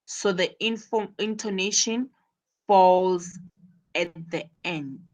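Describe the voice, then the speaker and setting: A woman teaching an English lesson online, explaining slowly and repeating her key points. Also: lowish voice, a little mellow.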